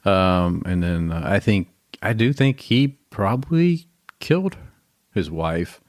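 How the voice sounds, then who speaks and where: A man's voice: deep voice, lively intonation, takes it slowly, darkish tone, no room sound, studio quality. A man co-hosting a true crime podcast in laid-back, agreeable casual chat, joking with his partner. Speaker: podcast co-host.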